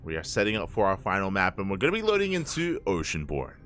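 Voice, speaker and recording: A man with a lowish voice calls a live match in the small hours, worn out and slurring his words a little. He chats away with the audience and keeps repeating his hype catchphrases. Soft music plays faintly underneath. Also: wildly swooping pitch, fast talker. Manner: chatty, hypes with repeated catchphrases. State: tired, late at night. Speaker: esports caster. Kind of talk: live game commentary.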